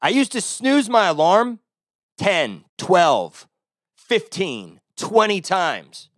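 Loud, profane Texan podcast ranter. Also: male voice, high voice, wildly swooping pitch, takes it slowly, no room sound, studio quality. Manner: profane, ranting, swings between loud outbursts and muttering. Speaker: podcast host. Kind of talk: casual solo podcast rant. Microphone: close-talking podcast mic.

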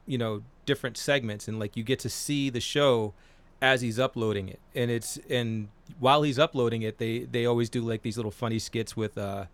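A man in his forties chatting on a podcast in a rambling, profane way, full of fillers. His voice sits at an ordinary middle pitch. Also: steady tone, fairly quick, hardly any pauses. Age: 40s. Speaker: podcast co-host. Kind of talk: casual chat.

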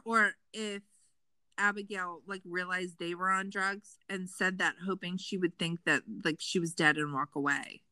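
Animated, bright-voiced woman podcast host. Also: mid-range voice, dry recording, rough recording. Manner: animated, sarcastic, swears a lot. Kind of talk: casual true crime chat.

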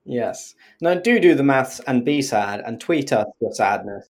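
A woman's voice: extremely low pitch, lively intonation, unhurried, a little mellow. A woman co-hosting a podcast in easy, rambling chat. She laughs while she explains, swears now and then, and drops into goofy put-on for single words. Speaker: podcast co-host.

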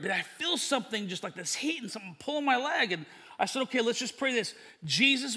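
A man's voice: high-pitched, sharp tone, long reverb tail. A man preaching a sermon, telling a story with acted-out dialogue and laughter.

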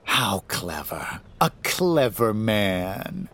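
A man voicing a sinister shapeshifting male demon who speaks slowly, softly and mockingly in a horror story. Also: fairly low pitch, sing-song, exaggerated voice. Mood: taunting. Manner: slow, soft, taunting.

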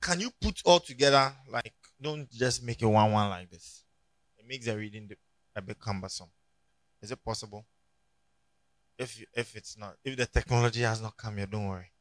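A man's voice: lowish voice, normal speed, no echo. A man preaching a sermon as pastor, joking and calling on the congregation to turn to their neighbors. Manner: animated, joking, calls on the congregation.

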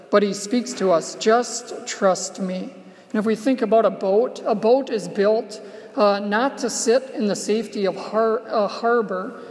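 Reflective male preacher in reverberant church. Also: sits high. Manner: reflective storytelling, softly slowing on key phrases. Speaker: Catholic preacher. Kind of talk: homily.

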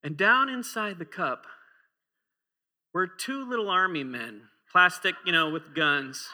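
Bright, tense-voiced male preacher. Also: high voice, lively intonation, takes it slowly, long pauses. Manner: conversational, humorous, asks the congregation questions. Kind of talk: sermon. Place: church.

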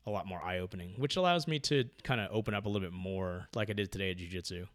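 Low-voiced man rambling in casual chat. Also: fast talker, no room sound, clean studio sound. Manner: rambling, filler-heavy, gets loud when excited.

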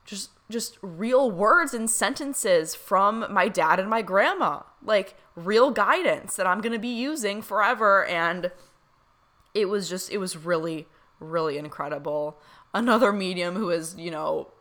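Bright-voiced young woman gushing to camera. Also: medium pitch, unhurried. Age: young adult. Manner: excited, gushing, many fillers. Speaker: vlogger. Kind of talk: casual storytelling to camera.

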